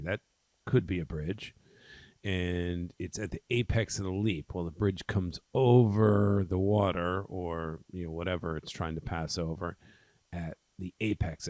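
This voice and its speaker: A man's voice: deep voice, no echo. A man tutoring, walking through a poem line by line, with frequent ums and okays as he explains. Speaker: test prep tutor. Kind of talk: poem walkthrough lesson.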